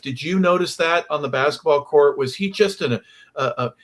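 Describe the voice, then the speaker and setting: Sports talk host asking rambling questions. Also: male voice, on the high side, moderate pace.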